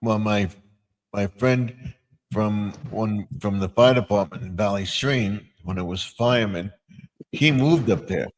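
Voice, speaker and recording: Older man, low voice, rambling chat. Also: measured pace, a little hiss or hum, rough recording. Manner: rambling, with many restarts and fillers. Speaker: live stream host. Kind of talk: casual chat.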